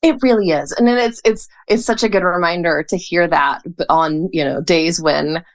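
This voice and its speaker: Thoughtful Southern woman, podcast guest. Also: fairly low pitch. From North Carolina, US. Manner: measured and thoughtful, with a dry humor. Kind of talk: casual interview chat.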